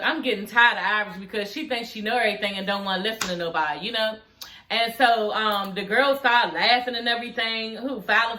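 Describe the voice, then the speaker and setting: A woman's voice: fairly high pitch, bright, forceful tone, slight background noise. A woman recapping a reality show for her viewers in a sassy, profane, chatty way. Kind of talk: casual recap chat.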